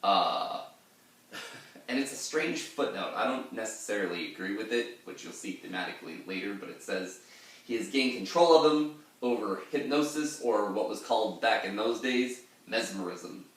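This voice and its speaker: A lowish male voice talks through an old poem in a loose, rambling way, with plenty of filler words and asides. He sounds a little way off the mic, and the room gives his voice a strong echo. Now and then he swings into a booming pirate reading. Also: animated, moderate pace, distant mic. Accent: pirate-style put-on accent in readings. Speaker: literature lecturer. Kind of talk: informal poetry lesson with pirate-voiced readings. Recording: echoey room, voice a bit off-mic.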